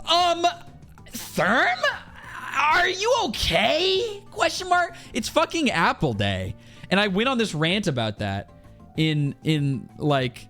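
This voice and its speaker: A man's voice: mid-range voice, a bit bright. A man with a strained throat, chatting casually and ranting with exasperation to his live-stream audience while he plays, swearing freely.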